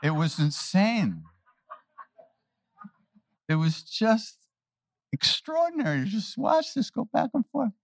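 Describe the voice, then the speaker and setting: A man telling stories to a live audience on a handheld mic, animated, laughing and often restarting his sentences. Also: high-pitched, takes it slowly, long pauses, no echo. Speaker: spiritual teacher answering questions. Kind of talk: anecdotal storytelling talk. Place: talk before a live audience. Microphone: handheld microphone.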